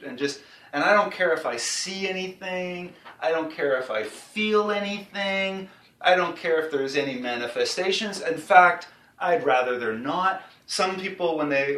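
Animated, bright-voiced man host. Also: fairly high pitch. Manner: rambling, animated, laughs easily. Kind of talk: casual faith discussion. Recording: roomy sound, mic at a distance.

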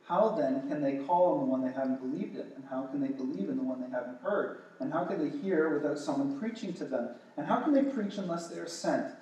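A man's voice: fairly high pitch, brisk, few pauses, mellow. A man with a slightly raised voice teaches scripture with eager energy, tripping over his own restarts. He sounds set back from the mic in a strongly echoing room. A faint hiss sits under him. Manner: enthusiastic, stumbling restarts. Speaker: preacher. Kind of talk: informal Bible teaching. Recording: echoey distant room recording.

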